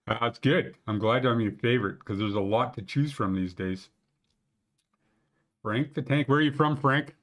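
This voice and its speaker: A man's voice: mid-range voice, fairly bright tone. A man hosting a casual live stream about local ski conditions, chatting with viewers in a rambling, joking way with lots of fillers. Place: Banff area.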